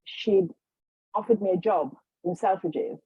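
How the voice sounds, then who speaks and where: Husky woman telling stories, mellow tone. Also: medium pitch, unhurried, no echo. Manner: animated, acts out quoted voices. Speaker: guest, healer and psychic. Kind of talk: storytelling in a casual interview. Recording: slightly dull lo-fi recording.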